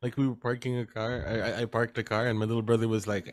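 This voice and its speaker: A man's voice: lowish voice, flat delivery, quick pace. A man co-hosting a casual panel podcast, talking hesitantly with lots of fillers and restarts. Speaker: podcast co-host.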